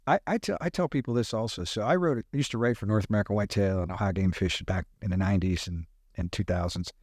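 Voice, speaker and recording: A middle-aged man, a podcast guest, telling animated hunting stories with sound effects in casual talk. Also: lowish voice, fast talker, no echo, clean studio sound. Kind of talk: casual storytelling.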